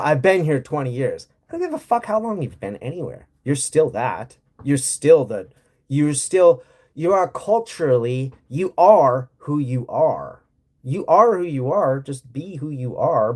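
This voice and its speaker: A man's voice: medium pitch, a little mellow. A man from Montana chatting with his livestream audience in a casual, profane and sarcastic rant. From Montana, USA. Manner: profane, blunt, sarcastic ranting. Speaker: streamer answering chat. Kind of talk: casual ranting livestream chat.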